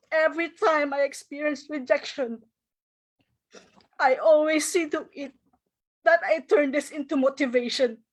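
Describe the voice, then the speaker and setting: A middle-aged woman giving an emotional, grateful recognition speech from home, now and then tearing up and laughing through it. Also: high-pitched. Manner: tearful, grateful, breaks into laughter.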